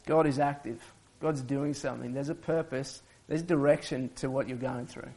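A man's voice: medium pitch, fairly even intonation, normal speed, darkish tone. A male pastor, preaching in a conversational way and often restarting his sentences. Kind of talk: sermon.

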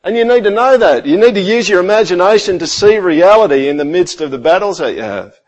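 Middle-aged male pastor, somewhat high-pitched, chatty sermon delivery. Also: animated, quick pace, poor audio. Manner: conversational preaching, rhetorical questions, drops to quiet intensity.

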